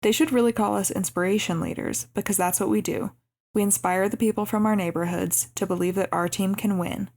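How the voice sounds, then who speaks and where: Young woman podcast cohost, gravelly fry, mid pitch, walking through the plot. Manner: narrates the plot in an even recap, with light laughs. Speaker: podcast co-host. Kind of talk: casual chat recapping a movie.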